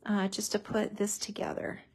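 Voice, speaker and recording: Speaking at normal speed in a completely flat, darkish mid-range voice, a woman hosts a casual crafting demo with slight background noise. Her talk is chatty and enthusiastic as she glues and layers papers, peppered with "so cute."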